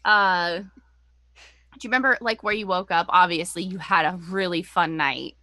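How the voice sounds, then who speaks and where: Woman player, bright voice, chatty in-character interrogation, stops and restarts. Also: on the low side, moderate pace, no echo. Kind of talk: in-character questioning in a tabletop game.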